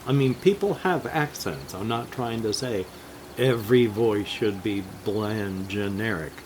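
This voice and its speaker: Slow, rambling older man vlogging. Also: on the low side, darkish tone, slight background noise. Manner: slow, meandering, jumps between topics with chuckles. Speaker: gaming vlogger. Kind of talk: rambling casual monologue.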